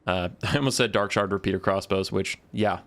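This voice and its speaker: A lowish, brisk voice belongs to a young man casting a strategy game on a live stream; his casual commentary is loose, rambling and sarcastic.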